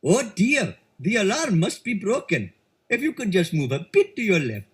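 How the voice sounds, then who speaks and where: A man's voice: sits high, sing-song, normal speed, fairly bright tone, a little hiss or hum, voice pushed up. A man putting on a fussy, polite but suspicious male shopkeeper with an exaggerated South Asian English accent. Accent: put-on South Asian English.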